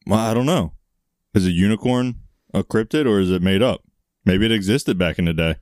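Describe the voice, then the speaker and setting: A man with a lowish voice co-hosts a loose comedy chat, tossing out crude jokes and laughing often. The sound is close and dry. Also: fairly quick, darkish tone, dry recording. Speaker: podcast co-host.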